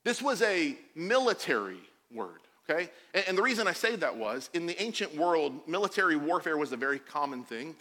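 A bright, high-pitched man in his forties delivers a lively sermon, joking and acting out the quotes he tells. His voice rings out with a long reverb from the church hall around him. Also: brisk, hardly any pauses. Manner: animated, jokey, acts out quotes. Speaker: pastor.

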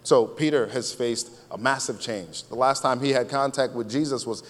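A pastor with a mid-range voice delivers a sermon at a moderate pace in a reverberant hall. His preaching is casual and conversational, full of repeated phrases.

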